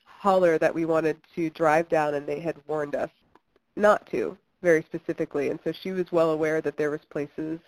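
Low-pitched kentucky woman, chatty interview guest, lots of ums and restarts. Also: steady tone, normal speed, low-quality recording. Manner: chatty, many fillers and restarts, laughs often. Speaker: filmmaker guest. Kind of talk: interview conversation.

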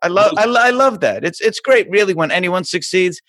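Animated Boston man telling stories. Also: a little fast, no echo. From South Boston, USA. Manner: animated storyteller, jumps into higher pitch. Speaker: podcast guest, TV host. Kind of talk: casual remote interview chat. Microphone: remote call mic.

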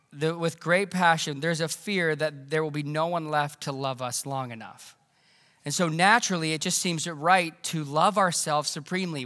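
This is a man in his thirties preaching a sermon, earnest and conversational, with frequent restarts. His voice sits high and sounds bright and forceful. It rings with the long reverb of a church hall. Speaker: pastor. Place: church sanctuary.

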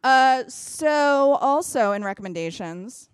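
A woman co-hosting a podcast in casual, opinionated chat, talking in an animated way and swearing casually. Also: high voice, slow pace, clear, resonant tone, no room sound. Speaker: podcast co-host.

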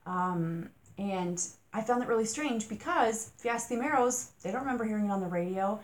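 A woman with a medium-pitched, lively voice talks briskly as she hosts a true-crime podcast. She muses casually through her thoughts, poses rhetorical questions, and now and then sounds exasperated.

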